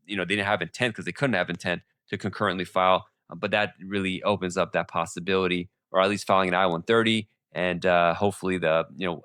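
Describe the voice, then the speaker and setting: Male podcast host, very low voice, quick and rambling, sore throat, close dry mic. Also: sharp tone, no room sound. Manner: fast-talking with many restarts and fillers. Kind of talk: casual monologue on legal updates.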